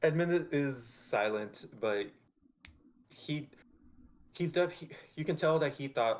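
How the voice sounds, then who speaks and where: A man's voice: fairly high pitch, expressive, slow, long pauses. A man playing a tabletop role-playing game, thoughtfully explaining his character's feelings. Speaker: tabletop role-play player.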